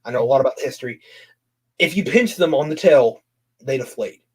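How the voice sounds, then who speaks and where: A man's voice: mid-range voice, expressive, a little fast, husky. A man talking as a guest on a casual horror podcast, an enthusiastic fan who swears and trails off with fillers.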